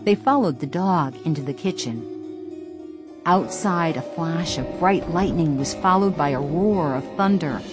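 A woman narrating a children's story in a steady, expressive storytelling manner. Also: low voice, unhurried, music in the background. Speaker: audiobook narrator. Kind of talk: scripted narration.

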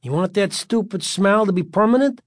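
Sarcastic teen bully boy, higher voice, read by a male narrator. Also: normal speed, dry recording, studio quality. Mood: sneering. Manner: sarcastic, taunting. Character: tough bully boy, mocking and menacing.

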